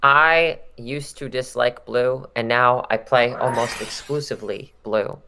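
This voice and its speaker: Give me a brisk co-commentator calling each play of a card game match. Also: medium pitch, steady tone, bright, forceful tone, a little hiss or hum. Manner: brisk, calls plays in short declarative lines.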